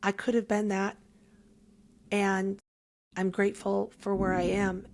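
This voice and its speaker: A woman's voice: mid-range voice, level tone, a little slow, pauses often, a little mellow. A young woman giving a heartfelt, emotional faith testimony as a podcast guest, at times close to tears.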